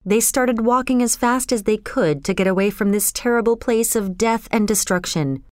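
A woman narrating an audiobook story in a measured, even storytelling manner. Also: on the high side, no room sound, clean studio sound.

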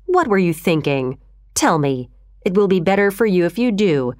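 A brooding, intense man who probes and presses, as a woman reading a storybook puts him on. His pitch swings widely, close and dry with no room sound. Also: sing-song, normal speed, darkish tone, dry recording. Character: brooding, intense, unsettling male customer.

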